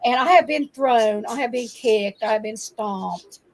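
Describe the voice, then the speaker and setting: An older woman, a grandmother, telling lively farm stories in casual chat and laughing often. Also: fairly high pitch, unhurried, low-quality recording. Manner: animated storyteller, laughs often. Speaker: guest.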